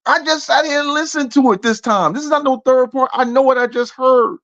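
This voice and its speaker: A man co-hosting a casual online talk show, excitable and repetitive as he breaks down drama. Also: very high voice, a little fast, no echo, highs cut off. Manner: excitable, repeats himself, says bro a lot. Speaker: co-host. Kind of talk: casual commentary chat.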